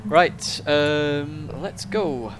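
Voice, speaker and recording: A man's voice: a little high, lively intonation, very slow, soft background music. A man commentating live on his own sim race and chatting with viewers, with mumbled asides as he drives. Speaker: sim racing streamer. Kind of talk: live gameplay commentary, reading chat. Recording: racing game engine noise behind. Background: car engine sounds from the game.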